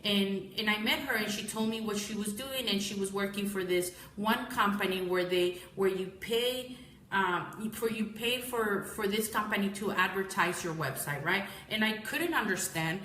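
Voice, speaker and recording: A tired businesswoman chats casually with a live-stream audience, rambling, correcting herself, and calling her viewers "guys." Her medium-pitched voice is pushed and bright at a normal speed, with a little hiss or hum and a roomy echo.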